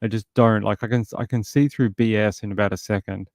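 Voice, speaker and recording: A man's voice: on the low side, fairly even intonation, brisk, a little mellow, no room sound, studio quality. A man hosting a casual true crime livestream, talking bluntly in run-on bursts full of fillers.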